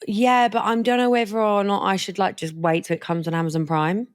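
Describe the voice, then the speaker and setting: A woman's voice: mid-range voice, steady tone, fairly quick, no room sound, clean studio sound. A young woman, co-hosting a podcast in casual, giggly chat full of "like". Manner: chatty, giggly, lots of "like". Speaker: podcast co-host.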